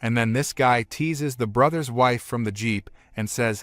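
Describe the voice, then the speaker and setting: A man reads a comic recap in a plain, steady delivery, chaining events together one after another. His voice sits at an ordinary middle pitch. The recording is close and dry, with no room sound. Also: a little slow, no echo. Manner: plain retelling strung together with "and then". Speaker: recap narrator.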